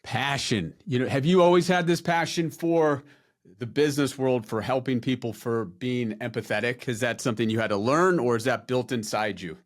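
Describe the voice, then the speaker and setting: Calm male podcast host. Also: medium pitch, normal speed. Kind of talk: interview questions.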